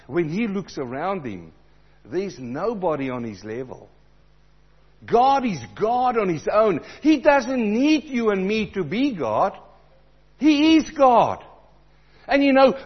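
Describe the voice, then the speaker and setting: A man preaching a sermon, swinging between loud emphatic passages and low, quiet asides. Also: breathy edge, dull audio.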